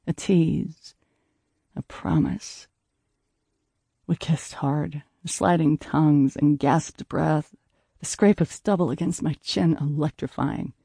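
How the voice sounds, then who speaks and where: A man reading a first-person audiobook in a soft, intimate way, at times dropping to a breathy hush. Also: a little high, fairly even intonation, slow, no echo, studio quality. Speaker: audiobook narrator.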